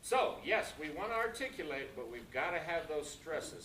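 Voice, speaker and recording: A man's voice: on the high side, normal speed, a little hiss or hum. A man leading a choir rehearsal, explaining diction and stresses, counting in and singing lines to demonstrate. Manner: animated, counts in and sings phrases to demonstrate. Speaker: choir director. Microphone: camera at a distance. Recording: echoey room, voice from far off, piano. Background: piano and choir singing.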